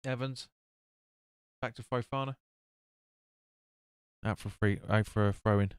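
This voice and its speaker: A man's voice: mid-range voice, expressive, fairly quick, pauses often, fairly bright tone, smooth, no echo, studio quality. A man hosting a live football watch-along, calling the play and chatting with viewers as he reads their comments. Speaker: fan watch-along host.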